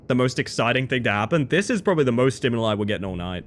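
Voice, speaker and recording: A man, chatting excitedly as he streams a game live. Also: medium pitch, rapid-fire. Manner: excitable, chatty, bursts into loud exclamations. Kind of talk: live gameplay commentary.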